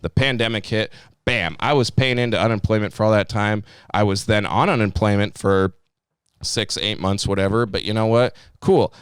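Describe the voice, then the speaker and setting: Podcast co-host, man, 20s: smooth clear voice, dry close mic, angry profane rant. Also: on the low side, normal speed, dry recording. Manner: heated, profane, mocking put-on voices. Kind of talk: profane ranting podcast talk.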